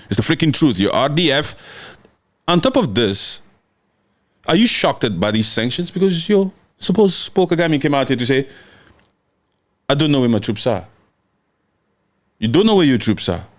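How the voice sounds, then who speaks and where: A young man delivers heated political commentary, jumping between scolding, sarcasm and mock quotes. His pitch swings widely as he hammers each point. The delivery is emphatic and confrontational throughout. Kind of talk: ranting commentary reading a document.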